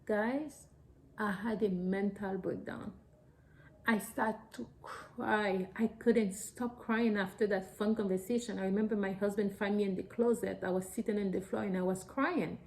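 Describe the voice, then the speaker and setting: A woman's voice: medium pitch, fairly even intonation, normal speed, darkish tone, rough recording. A woman, a mother of young children, talking earnestly and emotionally to her viewers in a personal vlog, in simple, loosely phrased English. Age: adult parent of young children. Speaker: mother sharing a personal story.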